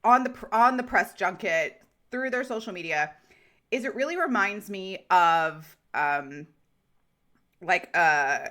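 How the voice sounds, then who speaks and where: A woman co-hosting a podcast in casual chat, excitable and swearing freely as she talks in quick bursts. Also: medium pitch. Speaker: podcast co-host.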